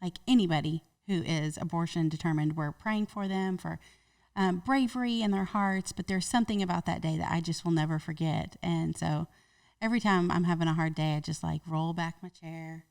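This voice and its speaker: A woman's voice: on the low side, a little fast, a little mellow, distant mic. A woman co-host in a casual chat, speaking in a heartfelt, reflective way.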